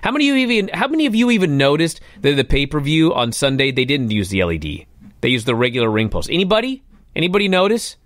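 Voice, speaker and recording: Radio host guy ranting, all worked up, high voice, jumping all over, dry studio sound. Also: big pitch swings, fast talker, fairly bright tone, no room sound. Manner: fired-up, exasperated ranting.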